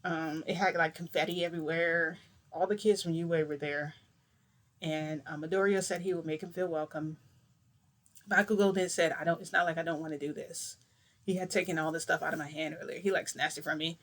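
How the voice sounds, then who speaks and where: A woman's voice: sits low, fairly quick. A young woman casually telling a long story, rambling and acting out what everyone said. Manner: rambling, animated retelling with acted-out quotes and mild swearing. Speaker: vlogger telling a shifting story.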